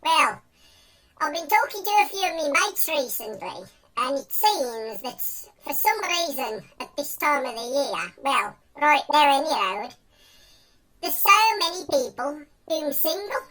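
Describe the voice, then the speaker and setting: A man's voice: extremely high pitch, lively intonation, unhurried, noisy background, voice pushed up. A man voicing a boastful young Black Country lad with a Black Country accent who thinks he is a babe magnet. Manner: boastful, chatty.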